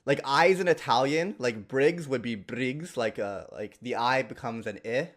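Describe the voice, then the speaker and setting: A man's voice: medium pitch, moderate pace. A man from Canada with a mid-range voice, chatting on a casual podcast. He stammers and restarts his sentences and giggles often. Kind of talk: casual chat.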